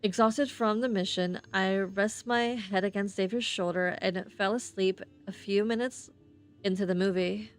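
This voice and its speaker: A woman's voice: medium pitch, steady tone, faint music behind. A woman streamer reading game narration aloud, stumbling over words and restarting often. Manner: halting reading with frequent slips and restarts.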